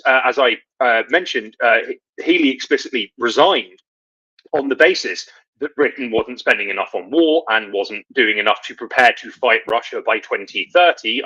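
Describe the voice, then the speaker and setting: A man's voice: medium pitch, pushed and bright, muffled recording. A man hosting a live political commentary show, talking in a sardonic, rambling way with lots of fillers and restarts.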